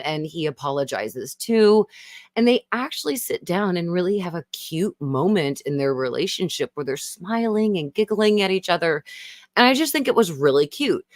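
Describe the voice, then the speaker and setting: A woman hosting a casual episode recap for her viewers, chatty and animated. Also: fairly low pitch, no echo, studio quality. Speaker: YouTube host recapping a TV episode.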